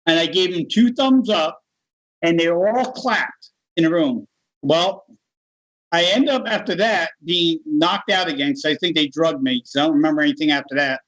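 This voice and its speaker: A middle-aged American man telling a personal story in a casual, animated interview. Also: high-pitched, normal speed, rough recording. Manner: animated, laughs while telling. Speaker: guest.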